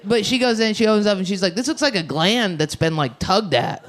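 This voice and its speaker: A woman performing a brash, fast stand-up set, talking with the crowd on a club stage. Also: mid-range voice, lively intonation. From United States. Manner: brash, rapid, often shouting and laughing. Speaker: stand-up comedian. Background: audience laughter.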